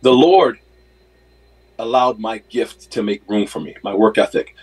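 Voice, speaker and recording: A man's voice: on the low side, measured pace, darkish tone, breathy edge, poor audio. A man in his thirties, a basketball coach, telling his story in a casual interview, earnest and full of faith, with many fillers. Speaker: NBA player development coach, guest.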